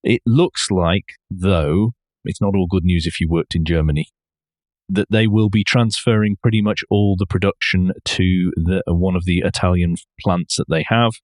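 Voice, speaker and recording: A man's voice: low voice, normal speed, no echo. A man co-hosting a podcast, chatting about car news with dry, wry remarks. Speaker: podcast co-host.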